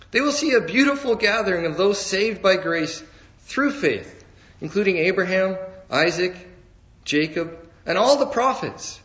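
Measured male preacher, lo-fi sound. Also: high-pitched, fairly bright tone. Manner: measured, emphatic preaching with slow stressed phrases. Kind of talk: sermon.

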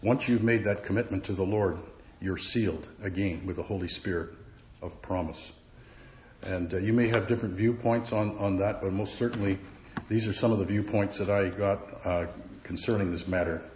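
A man teaching verse by verse from the Bible, halting often with fillers and repeated words. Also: low voice, fairly even intonation, a little mellow, a little hiss or hum. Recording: roomy, dull recording.

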